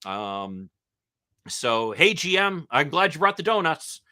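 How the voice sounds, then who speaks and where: A man hosting a live-stream Q&A as a political commentator, answering viewer comments in a halting way with many ums and uhs. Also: on the high side, sing-song, bright, forceful tone. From Michigan. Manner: halting, with frequent um and uh fillers.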